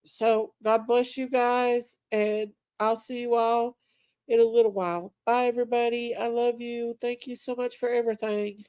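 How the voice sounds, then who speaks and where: A woman's voice: fairly high pitch, warm tone, no echo. A middle-aged woman, hosting a casual live stream and talking to her viewers in an emotional, affectionate way. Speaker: livestream host.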